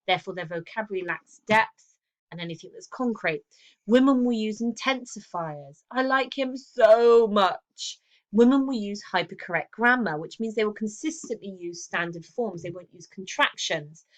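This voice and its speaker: Woman, mid-pitched, English teacher talking students through revision notes, explanatory, lots of "okay". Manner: explanatory, checks in with frequent "okay" and "um". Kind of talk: recorded revision lesson.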